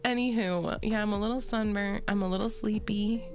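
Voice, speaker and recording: A woman streamer talks with her chat in a sleepy, gravelly morning voice at a mid pitch. She rambles and giggles through casual banter, swears freely, and speaks into a desk mic at home with faint music behind. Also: darkish tone.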